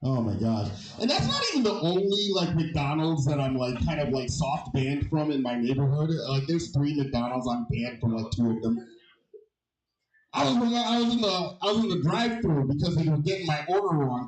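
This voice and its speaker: A man doing a stand-up set, telling stories loudly and animatedly with shouted quotes. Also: sits high, expressive, normal speed, echoey room, low-quality recording. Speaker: stand-up comedian.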